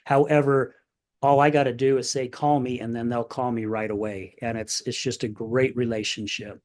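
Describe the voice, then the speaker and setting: Man, podcast host, candid, emotional storytelling, casual chat, mid-pitched voice. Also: flat delivery, normal speed, darkish tone. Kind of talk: casual conversation.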